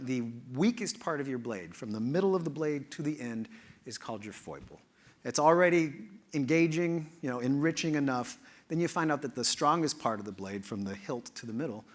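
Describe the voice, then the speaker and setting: A man with a fairly high, voice talks playfully about where words come from. He keeps the delivery animated, swinging up for emphasis and sinking into low, hushed asides. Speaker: speaker on word origins. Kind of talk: lively presented talk.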